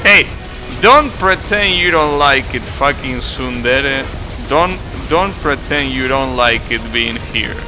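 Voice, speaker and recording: A man's voice: medium pitch, lively intonation, takes it slowly, over music. A young man live-streaming a game, chatting casually with viewers in a rambling, self-correcting way, swearing now and then.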